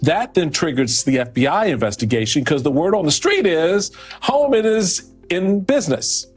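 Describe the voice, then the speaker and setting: A man's voice: fairly high pitch, expressive, moderate pace, breathy edge, soft background music. A man commentator on a panel, walking through events in a conversational, storytelling way. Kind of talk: panel discussion.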